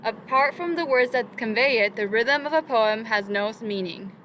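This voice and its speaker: A woman's voice: fairly high pitch, moderate pace, slight background noise, rough recording. A young woman presenting a poetry lesson, reading from prepared notes with the odd "um". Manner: steady reading with occasional um fillers.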